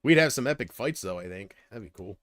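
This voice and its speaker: A man's voice: fairly low pitch, animated, quick pace, a bit bright, no echo, clean studio sound. A man chatting casually on a livestream, rambling and answering viewer comments.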